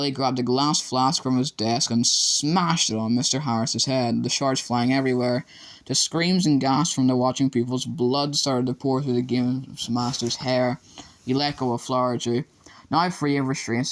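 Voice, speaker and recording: A man narrating an audiobook chapter in a measured, dramatic reading. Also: medium pitch.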